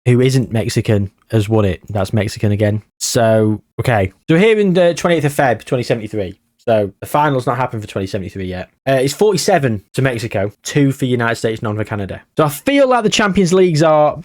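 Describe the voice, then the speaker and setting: A man talks over his gameplay for his own channel, easygoing and prone to little jokes and asides. His voice sits at an ordinary middle pitch for a man. The sound is dry and close, with no room echo. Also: expressive, brisk, few pauses, a little mellow. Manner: chatty, jokey, rambling asides. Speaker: YouTuber, host. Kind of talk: video game commentary.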